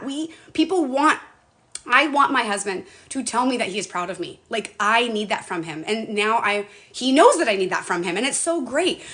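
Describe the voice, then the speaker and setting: A woman's voice: a little high, a bit bright. A middle-aged woman chatting casually on a home live stream, bubbly and talkative, greeting viewers by name.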